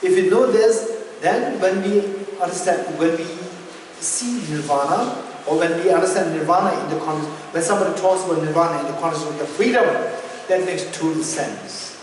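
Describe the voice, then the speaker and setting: A man's voice: a little high, moderate pace, far from the mic, a little hiss or hum. A male Buddhist teacher giving an interactive dharma lesson, questioning his audience and repeating key points for emphasis. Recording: echoey hall recorded from afar.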